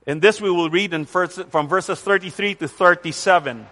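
A male pastor delivers a sermon with a high, bright, ringing voice. He speaks deliberately and with emphasis, repeating key words. The sound carries a long hall reverb. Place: church center with rain on the roof.

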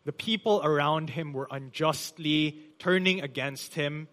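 A man pastor preaching a sermon in a church, with emphatic delivery that swells loud on key phrases and drops soft. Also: on the high side, unhurried. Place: church hall.

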